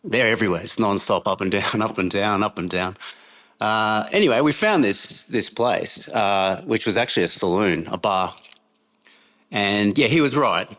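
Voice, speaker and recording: A man's voice: fairly low pitch, lively intonation, normal speed, fairly bright tone. A middle-aged Australian man, a podcast guest, telling a rambling travel story in a casual way and laughing often as he goes.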